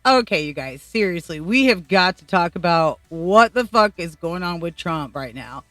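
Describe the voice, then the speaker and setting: A woman's voice: lowish voice, expressive, moderate pace, a bit bright, soft background music. A middle-aged woman from Colombia, vlogging blunt, profane opinions in casual commentary. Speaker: YouTube vlogger.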